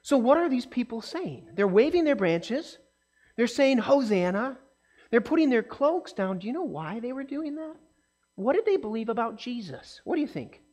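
High-voiced woman teaching kids. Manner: animated, questions the kids often; acts out voices and quotes in the story. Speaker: children's Bible teacher. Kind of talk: storytelling lesson to children.

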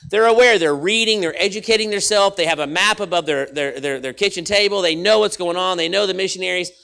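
Bright, forceful male preacher. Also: high voice, fast, creaky. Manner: animated, swings from loud to hushed, repeats phrases for emphasis. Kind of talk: sermon.

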